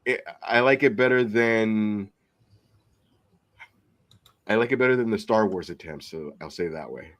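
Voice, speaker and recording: A man's voice: on the low side, normal speed, long pauses. A man co-hosting a casual podcast, ranting with frequent swearing. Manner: profane, opinionated ranting. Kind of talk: casual chat.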